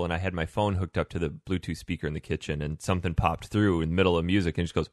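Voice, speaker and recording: A man in his thirties hosting a podcast in casual chat, jokey and quick to tell a story. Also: sits low, steady tone, no echo, clean studio sound. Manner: jokey, storytelling, laughs easily. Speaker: podcast host.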